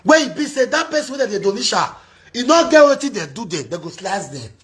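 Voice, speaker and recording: A man hosting a casual live-stream chat in Nigerian Pidgin, animated and insistent, often cutting in. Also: very high-pitched, quick pace. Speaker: host.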